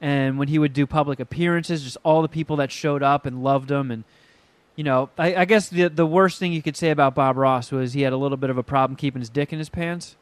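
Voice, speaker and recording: A man in casual podcast chat, telling stories in a profane, animated way and acting out quotes. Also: mid-range voice, brisk, no echo.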